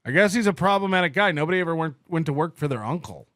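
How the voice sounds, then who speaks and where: Man, podcast co-host, sarcastic and mocking, slightly high voice, swings up and down a lot. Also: animated, fast talker, fairly bright tone, no echo, clean studio sound. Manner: sarcastic and mocking, often laughing. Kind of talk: casual podcast commentary.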